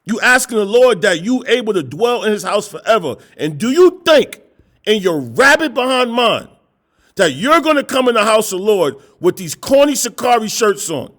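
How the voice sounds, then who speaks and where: A middle-aged street preacher delivers a confrontational sermon, scolding listeners with repeated rhetorical questions and blunt, profane language. His voice sits high and fairly bright, with big pitch swings, at a moderate pace.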